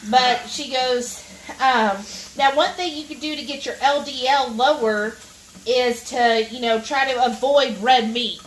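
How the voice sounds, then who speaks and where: A woman's voice: high-pitched, a little slow, a little hiss or hum. A woman chatting with viewers and telling a long story while she cooks in her home kitchen. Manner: animated, addresses viewers directly. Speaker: cooking vlog host. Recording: roomy kitchen, mic at a distance, faint sizzling.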